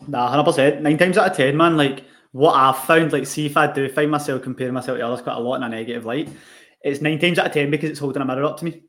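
A young Scottish man co-hosts a podcast, chatting casually in a fairly high voice at a quick pace. He's animated, swears a lot and laughs often; he also works as an online coach.

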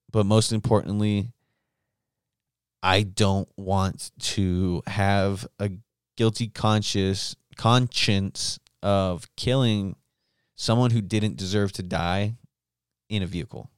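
A man's voice: fairly low pitch, clear, resonant tone, no echo, studio quality. Profane, rambling male podcast host. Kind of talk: casual solo podcast monologue.

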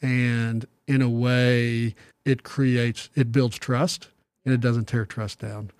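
A middle-aged man talking about faith in an earnest, reflective way, pausing to restart his sentences. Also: medium pitch, little pitch movement, darkish tone, clean tone, no room sound. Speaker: podcast guest. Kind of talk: casual Bible discussion.

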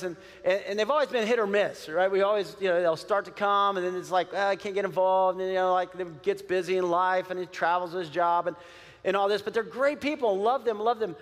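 Animated high-voiced man preaching. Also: long reverb tail. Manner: conversational, animated, with many fillers and restarts. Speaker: pastor. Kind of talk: sermon. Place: church sanctuary.

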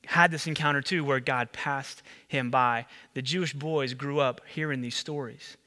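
A man preaching a sermon as pastor, animated, acting out the people in the story. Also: moderate pace, big-room sound. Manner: animated, acts out the disciples and Jesus with rising pitch.

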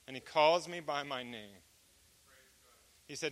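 A man preaching a personal testimony as an animated storyteller who acts out each exchange of dialogue. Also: a little high, measured pace, long pauses. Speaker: speaker giving a testimony.

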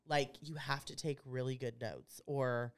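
A woman's voice: extremely low pitch, fairly even intonation, unhurried. Chatty woman co-host. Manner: chatty, rambling, laughs easily. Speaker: podcast co-host, insurance agent. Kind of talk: casual chat.

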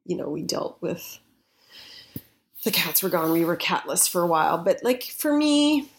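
A woman in her forties talks slowly in a low, gravelly voice. She speaks softly and hesitantly in a casual chat. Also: very animated. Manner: slow, hesitant, soft-spoken. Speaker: conversation partner.

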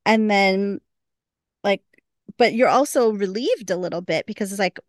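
A woman's voice: medium pitch, moderate pace, no room sound, studio quality. A woman co-hosting a podcast, casually retelling a TV episode scene by scene, quoting characters and laughing often. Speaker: podcast co-host. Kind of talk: casual recap chat.

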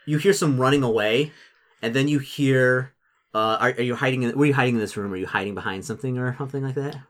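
A man's voice: medium pitch, fast talker, a bit bright. A man narrating as game master, rambling with lots of fillers, restarts and laughter.

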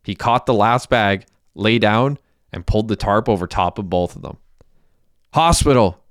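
A man reads a crime audiobook in a steady, plain storytelling manner. His voice sits low, smooth and resonant, and the recording is dry and close, with no room around it. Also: normal speed, no echo. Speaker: narrator. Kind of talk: audiobook narration.

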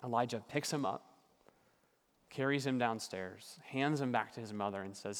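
A man's voice: medium pitch, moderate pace. Earnest male pastor in a reverberant hall. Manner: earnest, builds with repetition, drops to quiet emphasis. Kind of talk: sermon.

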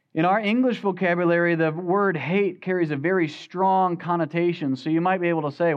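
A man preaching a sermon as pastor, swinging from loud emphatic peaks to quiet, low asides. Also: normal speed, few pauses, highs cut off.

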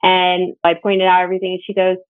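A woman's voice: lowish voice, monotone, a little fast, clean tone, no room sound. Woman telling a personal story over a tinny line. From Northern Virginia. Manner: earnest, reflective, quotes others in dialogue. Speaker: bereaved mother sharing her story. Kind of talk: personal testimony, conversational storytelling. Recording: tinny phone-like line, dry.

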